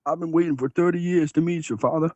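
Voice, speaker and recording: A man's voice: fairly high pitch, steady tone, dark tone, no echo, close to an everyday voice. A man doing a childlike long-lost son on a call. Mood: plaintive. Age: 30s. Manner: slow, childlike, plaintive. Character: simple-minded young man claiming to be a long-lost son. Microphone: video call. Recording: muffled lo-fi call audio.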